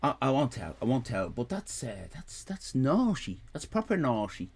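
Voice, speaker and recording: A man's voice: mid-range voice, very animated, normal speed, breathy edge. A man in his fifties with an Irish accent, chatting casually on a live stream, rambling, repeating himself and joking with his chat. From Ireland. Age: 50s.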